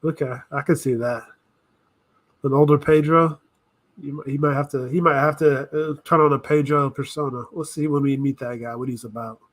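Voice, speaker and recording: A man's voice: fairly high pitch, fairly even intonation, normal speed. A man hosting a casual reaction video, thinking aloud, rambling and correcting himself as he goes.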